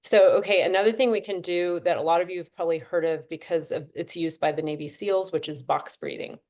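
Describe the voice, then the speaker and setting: A woman's voice: fairly low pitch, steady tone, brisk, darkish tone. A woman leading a breathing class over a video call, chatty and encouraging as she counts the class through each step. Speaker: breathwork instructor.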